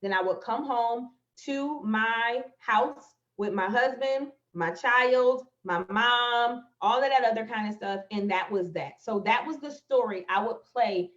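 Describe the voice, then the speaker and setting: Speaking at a measured pace with few pauses, this woman has a fairly high, fairly bright voice. She's a motivational speaker livestreaming about manifestation, sharing a personal story with her viewers emotionally and directly. The audio comes from a phone or webcam and sounds echoey and a bit dull.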